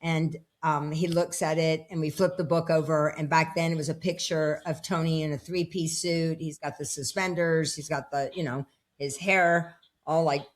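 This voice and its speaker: Low-voiced woman telling a lively story. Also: normal speed. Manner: animated storyteller acting out quoted dialogue. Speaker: personal development coach and speaker. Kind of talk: storytelling in a casual interview. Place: home with dogs around.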